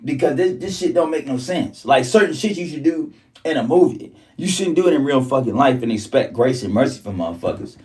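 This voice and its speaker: A man's voice: medium pitch, expressive, fairly quick, a little mellow, recorded from a distance. Profane ranting man, set back from the mic. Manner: profane, repetitive, heated ranting. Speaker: vlogger. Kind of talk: casual ranting monologue.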